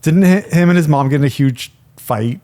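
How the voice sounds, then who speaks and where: A young man co-hosting a film podcast, talking in a relaxed, reflective way with frequent fillers. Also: fairly high pitch, moderate pace. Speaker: podcast co-host. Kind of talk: casual film discussion.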